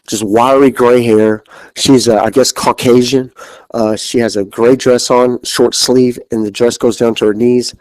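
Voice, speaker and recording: A man's voice: mid-range voice, a little mellow, dry recording, low-quality recording. A man telling a haunting story as a podcast guest, rambling, repeating himself and swearing freely. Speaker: interview guest.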